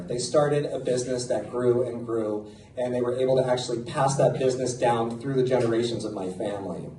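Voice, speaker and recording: A man's voice: medium pitch, darkish tone, slight background noise. A middle-aged American man performing a self-mocking stand-up comedy set in a club, with audience laughter behind him. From United States. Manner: punchy, self-mocking delivery. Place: comedy club stage before a live audience. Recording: roomy live club sound from a distance.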